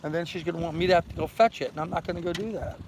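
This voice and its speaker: An older man hosting a relaxed livestream from his sailboat in a harbor, rambling easily and reading viewer comments aloud. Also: a little high, rapid-fire, background noise. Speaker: vlog host. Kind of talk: casual livestream chat.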